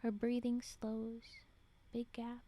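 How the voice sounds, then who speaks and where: A woman streamer reading a story aloud with dramatic flair, dropping into whispered asides and reacting out loud between passages. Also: fairly high pitch, monotone, takes it slowly.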